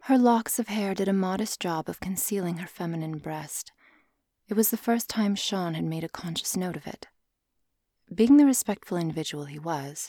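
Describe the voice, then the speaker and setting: A woman narrating a story in a soft, often half-whispered voice. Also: fairly low pitch, moderate pace, dry recording, clean studio sound.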